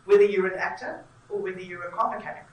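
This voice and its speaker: A woman's voice: mid-range voice, fast talker, lo-fi sound. A woman interviewing theatre makers, talking effusively and at length. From South Africa. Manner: effusive, talkative. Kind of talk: enthusiastic conversational interview. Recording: echoey room, mic at a distance.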